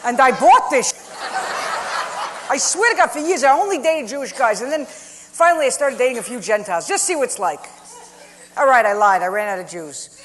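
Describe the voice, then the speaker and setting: A woman's voice: fairly high pitch, animated, brisk, long pauses, fairly bright tone, big-room sound, a little hiss or hum. A woman performing a stand-up comedy set with a punchy, wry delivery and dry asides.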